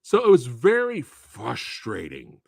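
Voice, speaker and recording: A man hosting a live stream, talking about a film in an animated, profane way with frequent laughs. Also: medium pitch, takes it slowly, gravelly, no room sound. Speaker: movie reviewer and host. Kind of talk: casual live-stream movie talk.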